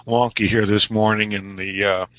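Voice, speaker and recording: A man's voice: on the low side, flat delivery, fairly bright tone, no room sound. A man with a Southern accent, a guest aviation journalist, joking around in a casual podcast chat. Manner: joking, quick asides. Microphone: remote call mic.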